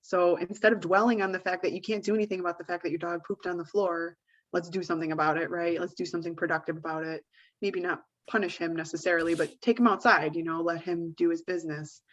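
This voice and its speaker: Woman co-host, lowish voice, talks casually with lots of fillers, muffled lo-fi audio. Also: steady tone, fast. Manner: rambling, full of "like" and "you know". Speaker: podcast co-host. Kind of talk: casual advice chat.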